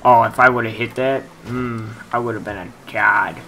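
A man's voice: mid-range voice, steady tone, measured pace, sharp tone, a little hiss or hum, rough recording. A young man commenting on his own gameplay, frustrated, muttering and swearing at his opponents. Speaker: gaming youtuber.

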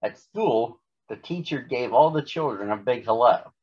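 A man reading a children's storybook aloud in a gentle, unhurried way. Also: medium pitch, lively intonation, slightly rough. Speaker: storybook reader. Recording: dull lo-fi recording.

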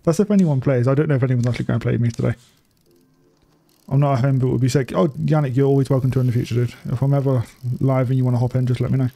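Gravelly young streamer guy. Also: medium pitch, fairly even intonation, racing, mellow. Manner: chatty, swears freely, laughs often. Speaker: gaming streamer. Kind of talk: casual live-stream commentary.

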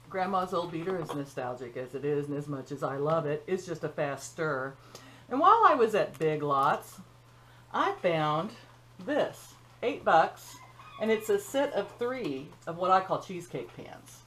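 An older woman chats in a folksy, homespun way from her kitchen, tossing in little jokes as she goes. Her voice sits on the low side, with faint room ambience behind her. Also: slight background noise, low-quality recording. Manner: folksy and chatty, joking asides. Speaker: cooking channel host. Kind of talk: casual chat.

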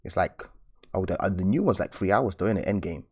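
A man's voice: deep voice, lively intonation, brisk, darkish tone, husky. A young man hosting a live drawing stream, chatting casually and slangily to his viewers and laughing often. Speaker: art channel host.

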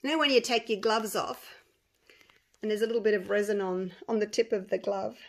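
A woman who runs a resin craft channel, chatting to viewers in an excitable, gushing way while she works. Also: medium pitch, brisk. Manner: excitable, gushing, talks to viewers as you guys. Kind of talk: casual chat while crafting.

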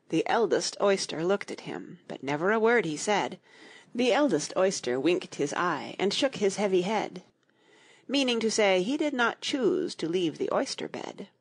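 A woman narrating a children's audiobook, reading rhymed verse in an expressive, rhythmic way. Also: medium pitch, a little slow, husky.

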